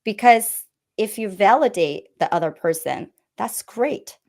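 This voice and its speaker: A woman's voice: medium pitch, animated, unhurried, a little mellow. A woman giving earnest business advice as an interview guest, often checking in with "right?". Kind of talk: interview answers.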